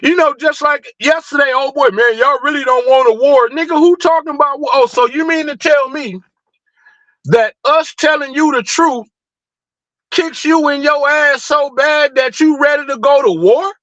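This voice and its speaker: This livestream host has a very high, slightly bright voice, heard at normal speed with no room sound and lo-fi quality. The man rants hotly, bluntly and profanely, throwing out one rhetorical question after another.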